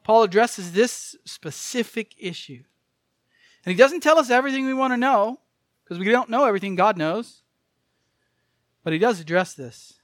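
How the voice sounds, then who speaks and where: A man's voice: high-pitched, fairly bright tone, no echo, clean studio sound. A man preaching a sermon in an earnest, emphatic way, repeating key phrases for weight.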